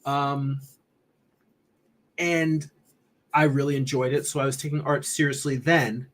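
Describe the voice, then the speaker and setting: A man's voice: mid-range voice, unhurried. A man casually chatting on a livestream as an artist, laughing easily and reading viewer comments aloud. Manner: relaxed, rambling, laughs often, reads chat comments aloud. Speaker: artist streamer answering chat.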